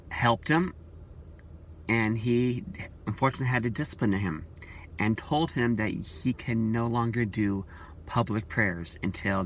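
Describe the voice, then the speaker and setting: In a casual opinion vlog, a man talks about church leaders in an earnest, repetitive, preachy manner. His voice sits in the mid range, with a little hiss or hum on the recording.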